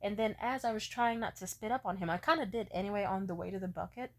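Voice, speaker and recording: A young woman vlogger telling a casual, profane story with animated energy. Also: mid-range voice, fast talker.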